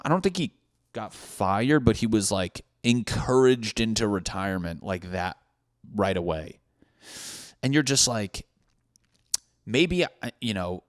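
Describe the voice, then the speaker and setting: A man's voice: on the low side, no echo, studio quality. A young man hosting a podcast, ranting in a casual, profane, mocking monologue. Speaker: podcast host.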